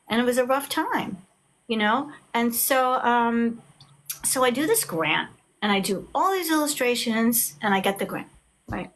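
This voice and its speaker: A middle-aged woman, talking as an author guest in a casual video chat. She tells her stories with lively acted-out quotes. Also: a little high, slight background noise. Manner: animated storyteller, acts out quotes.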